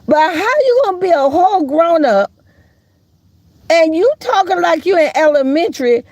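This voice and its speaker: A woman's voice: lively intonation, moderate pace, darkish tone, no room sound. A woman hosting a casual live stream, sassy and teasing, calling listeners baby and honey and laughing often. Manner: laughs often, jumps into high squeals. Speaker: host of a live gossip channel.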